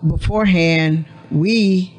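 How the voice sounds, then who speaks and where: A woman radio host with a lowish voice speaks slowly in a studio, with faint music behind her. In a casual radio conversation, she explains things emphatically and acts out quoted dialogue.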